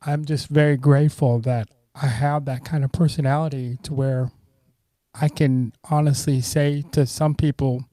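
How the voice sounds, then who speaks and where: Middle-aged man, podcast guest, dark mellow voice, dry close sound, casual storytelling. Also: mid-range voice, normal speed, no echo. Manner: relaxed, warm, acts out quoted friends.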